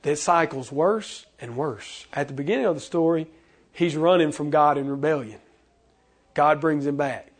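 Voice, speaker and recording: High-voiced lively male preacher. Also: normal speed. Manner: animated, acts out quoted voices. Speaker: pastor. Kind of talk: sermon.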